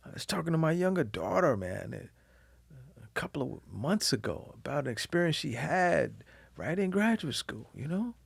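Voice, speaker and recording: A man, a guest on an interview podcast, telling candid personal stories in a lively, expressive way. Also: creaky, slightly rough, dry recording. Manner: animated storyteller, lively swings in pitch and volume.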